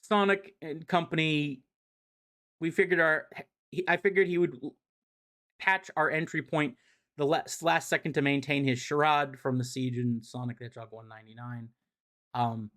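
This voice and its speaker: A man's voice: fairly high pitch, fairly even intonation, moderate pace, a bit bright. A man on a live stream giving a rambling, profane, casual recap of a comic series. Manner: rambling, profane and chatty, with many fillers. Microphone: streaming mic.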